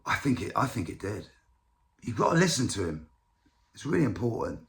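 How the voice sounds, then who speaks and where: Gravelly man ranting. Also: fairly low pitch, brisk. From United Kingdom. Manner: profane, rambling, animated. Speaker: political commentary vlogger. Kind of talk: casual political commentary.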